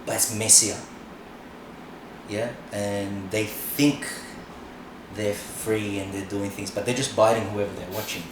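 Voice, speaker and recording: A man's voice: on the low side, flat delivery, unhurried. Frank man in a very echoey room. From Australia. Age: middle-aged. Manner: frank, swears freely, many "you know"s. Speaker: podcast guest, breakdancer. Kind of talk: casual chat. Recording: very echoey room, mic far off, noisy.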